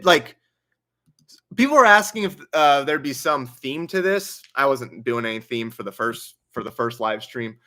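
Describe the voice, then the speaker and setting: A man's voice: mid-range voice, fairly bright tone. A young man hosting a casual livestream Q&A, reading donations aloud and chatting with a laugh in his stories. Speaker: livestream host.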